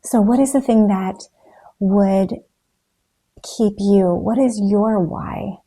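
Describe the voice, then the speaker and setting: A woman's voice: mid-range voice, slow, dark tone. A woman talking in a motivational vlog, earnest and encouraging as she addresses her viewers. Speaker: raw food vlogger.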